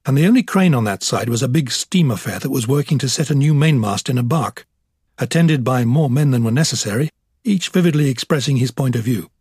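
Husky male narrator for a novel; steady, measured reading. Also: mid-range voice, no echo, clean studio sound. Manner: measured, even storytelling. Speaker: audiobook narrator. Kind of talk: scripted narration.

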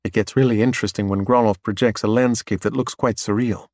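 A man reading a science fiction story aloud as narrator, in a steady, even storytelling manner. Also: fairly low pitch, a little fast, no echo, clean studio sound. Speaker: audiobook narrator. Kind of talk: scripted narration.

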